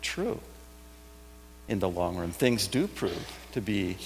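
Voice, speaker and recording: A man delivers a sermon in a relaxed, conversational way, often dropping to a gentle, reassuring repetition. His voice carries a long reverb from a large hall, with a faint hum underneath. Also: low-pitched, takes it slowly, gravelly. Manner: conversational, reflective, with soft emphatic repetitions. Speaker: preacher.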